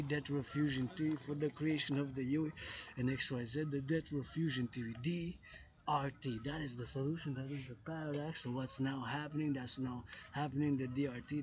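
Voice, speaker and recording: A man vlogging outdoors in a public place, talking emphatically and repeating phrases again and again. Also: medium pitch. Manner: repetitive, emphatic, loops phrases over and over. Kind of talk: outdoor monologue vlog.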